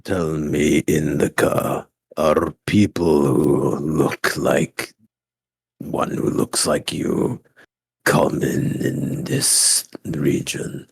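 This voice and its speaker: A man voicing a solemn traveler from abroad in a tabletop game, with a gravelly, husky voice. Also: extremely low pitch, little pitch movement, very slow, dry recording, studio quality, full character voice.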